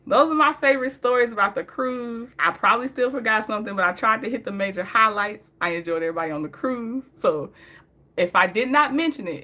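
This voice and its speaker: A woman's voice: mid-range voice, bright, forceful tone. A woman telling stories in a casual, chatty way, often laughing and talking straight to her viewers. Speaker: vlogger. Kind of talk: casual story time.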